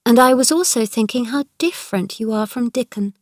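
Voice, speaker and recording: A woman's voice: on the high side, brisk, a little mellow, no echo, studio quality, voice pushed up, natural voice. A woman reading aloud, voicing an earnest, curious young girl. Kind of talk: read-aloud storybook dialogue.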